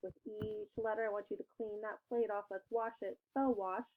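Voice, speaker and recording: A young woman teaching an online spelling lesson to second graders, upbeat and encouraging, giving clear step-by-step instructions. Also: medium pitch, fairly even intonation, normal speed, phone-quality sound.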